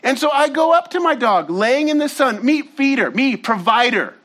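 High-voiced, animated male pastor. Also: normal speed. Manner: animated, casual storytelling with slangy asides to the audience. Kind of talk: sermon.

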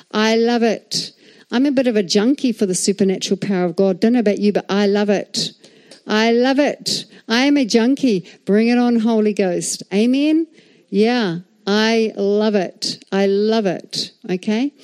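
A middle-aged woman pastor preaching a sermon in a church, animated and chatty, constantly checking in with "all right?" and "amen?". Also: mid-range voice.

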